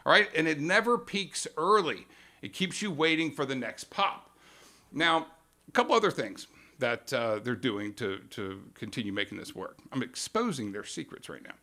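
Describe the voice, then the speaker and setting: Animated male live-stream host. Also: a little high. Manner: animated, emphatic, acts out quotes in mock voices. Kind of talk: casual explanatory monologue.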